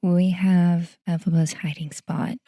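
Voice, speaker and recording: A woman hosts her own podcast and talks through a movie trailer in casual, effusive commentary that keeps spilling into exclamations. Her voice sits a little low and has a mellow, warm color. The sound is dry, with no room echo. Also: little pitch movement, takes it slowly. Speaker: podcast host.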